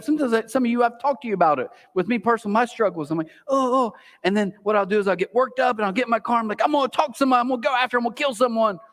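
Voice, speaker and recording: A man preaching a sermon as pastor, animated, sometimes acting out a whispering inner voice. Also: sits high. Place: large church auditorium. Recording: long hall reverb.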